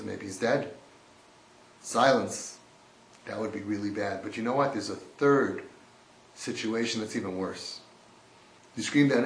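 A man teaching a sermon-style class, swinging from hushed to loud and mixing in Yiddish and Hebrew terms. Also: lowish voice. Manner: swings between hushed and shouting, acts out voices. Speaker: rabbi giving a Torah class. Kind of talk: impassioned sermon. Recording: echoey room.

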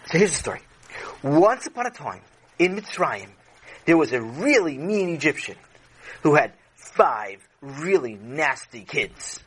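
A man voicing an excitable schoolboy who tells a story to his teacher in a children's audio story. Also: on the high side, unhurried, slightly rough, heavily acted, poor audio. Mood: eager. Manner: excitable, eager.

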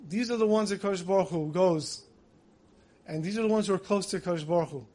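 A man giving a Tisha B'Av style sermon, telling a parable and acting out the dialogue, then slowly chanting lament verses. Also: high-pitched, mellow. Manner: storytelling, acts out dialogue in voices. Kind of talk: sermon with storytelling.

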